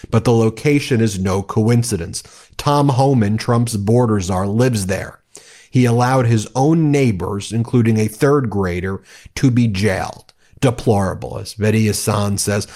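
A man's voice: fairly low pitch, unhurried, a little mellow. A man giving heated political commentary, angry and scornful, ranting at his opponents.

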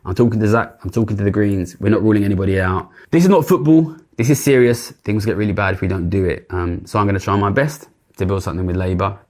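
A man's voice: fairly low pitch, fast talker, few pauses, darkish tone. A British man speaking directly to camera in an earnest, urgent appeal, with frequent restarts and repeated phrases. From Britain. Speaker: commentator addressing politicians.

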